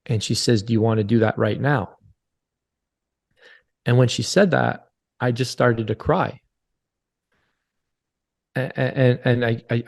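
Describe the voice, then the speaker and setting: A man's voice: mid-range voice, creaky. Podcast guest, man in his forties, earnest and confessional storyteller who repeats himself, mid-range voice. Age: 40s. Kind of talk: candid interview storytelling.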